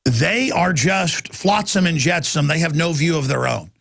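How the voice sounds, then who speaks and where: A man hosting a talk radio show, ranting forcefully in a heated monologue and acting out encounters with other people. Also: on the high side, unhurried, creaky, dry recording. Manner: ranting, forceful, acts out encounters in put-on voices.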